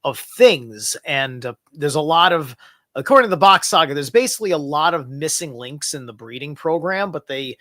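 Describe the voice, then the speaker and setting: Bright-voiced man explaining haltingly. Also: fairly high pitch, expressive, dry recording, clean studio sound. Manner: halting explanation full of fillers. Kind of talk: unscripted conversation.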